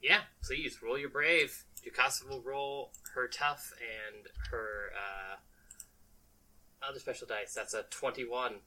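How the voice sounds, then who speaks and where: Bright-voiced woman running a tabletop game. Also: extremely low pitch, steady tone, low-quality recording. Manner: playful, laughs often, slips into quick character voices. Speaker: game master.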